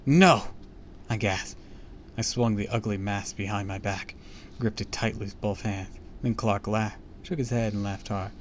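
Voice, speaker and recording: A man's voice: lowish voice, flat delivery, moderate pace, a little hiss or hum. A man reading a book aloud on a live stream, with small slips and casual asides to his chat.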